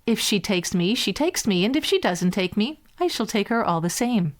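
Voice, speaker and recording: A woman reading a bedtime story, voicing a cheerful, foolish young peasant lad who shouts with glee. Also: mid-range voice, lively intonation, normal speed, close to an everyday voice. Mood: eager.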